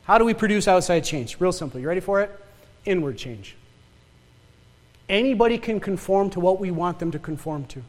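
A man's voice: high voice, animated, brisk, darkish tone, big-room sound. A male pastor from northern Michigan with a Yooper accent, preaching a sermon full of rhetorical questions and repeated words.

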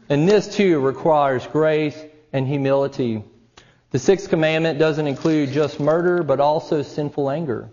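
A male pastor delivers a sermon in a fairly high voice, earnest and steady. He grows more intense as he presses his points home. The recording sounds slightly dull and lo-fi. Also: long reverb tail. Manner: earnest preaching, rising in intensity when stressing scripture.

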